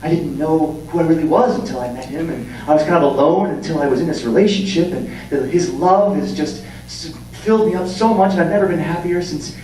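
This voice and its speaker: A man's voice: a little high, brisk, few pauses, dark tone, natural voice. A man voicing a lovestruck young woman who gushes about her boyfriend, heard in an echoey hall from far off. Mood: gushing. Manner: gushing, breathless. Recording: echoey hall, distant mic, hum.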